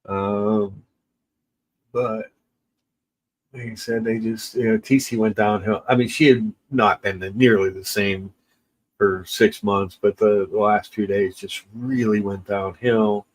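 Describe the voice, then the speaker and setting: A man with a somewhat low voice who is crying as he talks. He chats casually with viewers in a halting, tearful way, often stopping and starting over. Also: steady tone, low-quality recording. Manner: halting, tearful, many restarts and pauses. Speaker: livestream host. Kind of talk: casual livestream chat with viewers.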